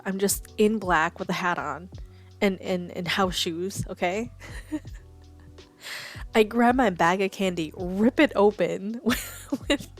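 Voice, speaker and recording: Chatty laughing woman streamer. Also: mid-range voice. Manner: chatty, laughs often, swears, acts out quotes. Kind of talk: casual stream chat, storytelling.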